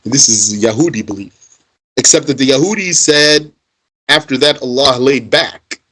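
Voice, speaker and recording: A man's voice: mid-range voice, normal speed, bright, forceful tone, breathy edge, poor audio. Man reading Arabic and explaining in English. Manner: reads Arabic then explains in English, conversational and emphatic. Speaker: religious teacher. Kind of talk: reading and translating a text line by line.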